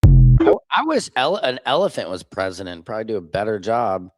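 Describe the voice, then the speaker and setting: Soft background music plays while a Missouri streamer reads viewer comments in a lowish, sing-song, brisk voice. There's no room sound, and his replies are blunt and sarcastic, with loud reactions to clips.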